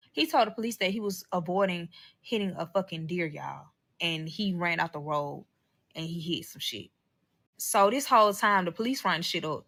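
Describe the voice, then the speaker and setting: A woman's voice: medium pitch, sharp tone. A woman, telling a dramatic, profane storytime monologue and acting out quoted voices.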